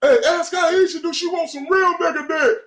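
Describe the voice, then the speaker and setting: A man voicing a rowdy young male heckler who yells crude, jeering taunts in a loud, high-pitched shout. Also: fairly even intonation, moderate pace, reverberant.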